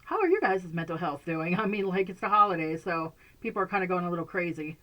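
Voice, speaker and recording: A woman's voice: on the low side, expressive, fast, a bit bright. A woman chatting casually to camera from a bedroom at home, rambling and laughing often. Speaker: vlogger.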